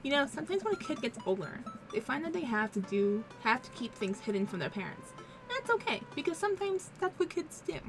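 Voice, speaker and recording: A woman's voice: high-pitched, big pitch swings, brisk, over music, voice pushed up. A woman voicing an awkward, well-meaning dad who speaks earnestly and cracks jokes.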